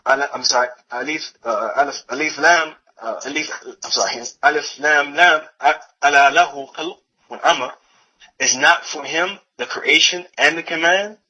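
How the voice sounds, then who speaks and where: In a lo-fi recording, a man with a slightly high, pushed, bright voice gives a religious lecture. He reads a text and translates it as he goes, haltingly, repeating phrases and correcting himself often.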